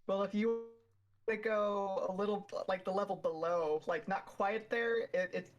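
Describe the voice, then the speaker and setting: Young female guest, casual chat, mid-pitched, easygoing and talkative. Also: moderate pace. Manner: relaxed, chatty, laughs easily.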